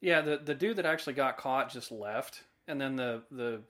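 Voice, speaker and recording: Give me a relaxed, agreeable man co-hosting a casual movie podcast. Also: medium pitch, normal speed. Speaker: podcast co-host reviewing films. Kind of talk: casual chat.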